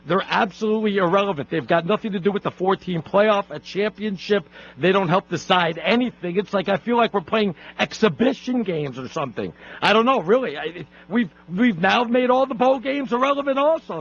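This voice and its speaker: A man hosting a sports radio talk show, ranting in an exasperated, rapid-fire way. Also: high-pitched, gravelly. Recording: lo-fi radio broadcast.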